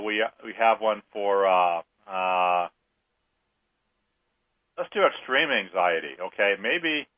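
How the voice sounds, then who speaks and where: Low-voiced man chanting energy clearings. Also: no echo. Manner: calm, repetitive chanted counting. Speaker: energy healer and show host. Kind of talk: guided energy clearing on radio. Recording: phone-like line, dry.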